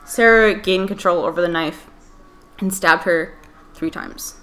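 A woman's voice: fairly low pitch, measured pace, a bit bright. A woman co-hosting a podcast, retelling a story in casual chat with lots of fillers. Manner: chatty storyteller, many fillers like "like" and "um". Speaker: podcast co-host.

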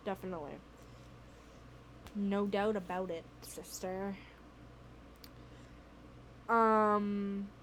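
A young woman hosting a podcast, telling a story in casual chat, animated and swearing, laughing between lines, from her bedroom at home. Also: medium pitch, drawn-out words, long pauses, a little hiss or hum. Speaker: podcast host.

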